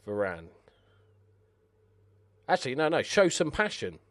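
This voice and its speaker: A young man casually commentating as he plays a football management game, excitable, swearing and shouting at the players on screen. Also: on the low side, slow pace, long pauses. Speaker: gaming commentator. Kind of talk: casual let's-play commentary.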